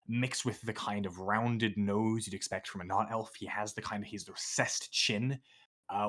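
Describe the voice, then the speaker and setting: Husky low-voiced man playing a tabletop game. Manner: rambling, self-deprecating comic delivery. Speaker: player. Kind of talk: tabletop role-play, describing and voicing his character.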